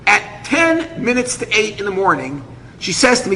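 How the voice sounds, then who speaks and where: A man's voice: sits high, normal speed. A man, a rabbi, telling a personal story to an audience and acting out the voices of everyone in it. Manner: animated, acts out every voice. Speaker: rabbi and speaker. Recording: long hall reverb, faint noise.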